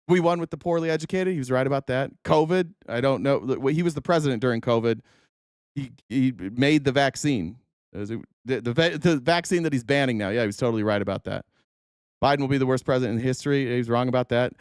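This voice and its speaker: A man hosting a livestream of political commentary, ranting in a profane, animated way. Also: fairly high pitch, quick pace, smooth, no echo, clean studio sound. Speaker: host.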